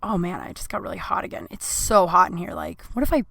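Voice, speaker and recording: A woman comedian hosting her own podcast, telling a story in a candid, profane and self-mocking way, with plenty of filler words, recorded on a computer in a small warm room. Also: fairly low pitch, big pitch swings, fast talker, creaky, breathy edge. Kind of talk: casual storytelling monologue.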